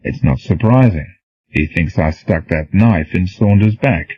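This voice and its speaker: A man voicing a calm, dry-witted male commando leader who speaks without heat, in a storybook reading. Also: lowish voice, moderate pace, no echo. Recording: dull, dry, lo-fi.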